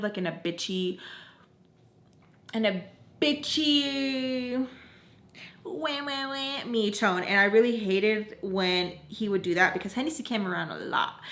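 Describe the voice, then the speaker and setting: A woman's voice: mid-range voice, pushed and bright, echoey room. A young woman telling a story to the camera in a casual, blunt, mouthy way, swearing freely. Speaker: storytime vlogger.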